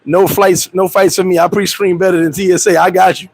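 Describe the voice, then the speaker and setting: A man hosting a casual livestream chat, animated and laughing, telling stories with profane street slang and acting out quotes in high voices. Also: fairly quick, creaky, dry recording, low-quality recording. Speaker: host. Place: Dominican Republic.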